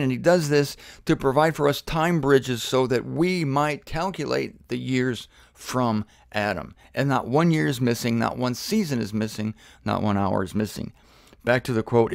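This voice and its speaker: A man gives an animated scripture lesson, piling up repeated words and stressing them as his excitement builds. His voice sits at an ordinary middle pitch. It is recorded close and dry, with no room sound. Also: creaky, no room sound. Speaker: Bible teacher. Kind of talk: energetic scripture teaching.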